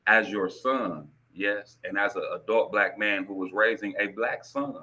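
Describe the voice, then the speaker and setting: Man, 30s, video call, heartfelt tribute, earnest, repetitive, low voice, bright tone. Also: a little slow. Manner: earnest, repeats himself. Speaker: call participant.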